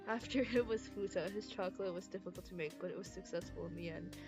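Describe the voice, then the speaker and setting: A woman's voice: fairly low pitch, fast talker, over music. A woman streamer reading fanfiction aloud in a casual way, stumbling over words and giggling.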